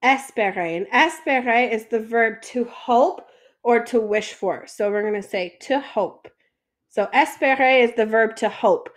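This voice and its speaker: Woman French teacher, high voice, unhurried, patient, talks through each step. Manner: patient, asks questions then answers them. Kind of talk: classroom lesson explanation.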